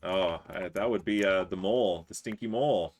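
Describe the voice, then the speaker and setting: A man's voice: sits low, moderate pace, a little hiss or hum. A man streaming a building game, chatting casually, teasing his friends and chuckling often as he reads chat aloud.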